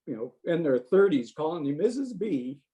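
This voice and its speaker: A man on a family video call speaking haltingly and emotionally about his sister. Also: on the high side, very animated, dark tone, low-quality recording. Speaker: younger brother.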